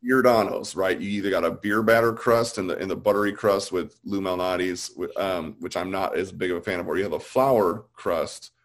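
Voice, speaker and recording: A man's voice: sits low, a little fast, few pauses. A man in his forties from Illinois, chatting casually and animatedly, with frequent restarts. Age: 40s. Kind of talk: casual chat.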